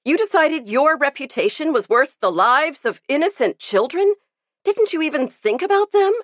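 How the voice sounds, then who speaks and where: A woman reading the part of a sharp, determined amateur sleuth who questions bluntly and firmly. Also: fairly high pitch, sing-song, a little slow, dry recording, pitched above the performer's own voice. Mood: outraged.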